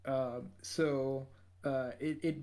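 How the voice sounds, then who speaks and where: A man's voice: mid-range voice, level tone, very slow, warm tone. A man co-hosting a podcast, recapping an anime episode in a rambling way, full of fillers and restarts. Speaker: podcast co-host.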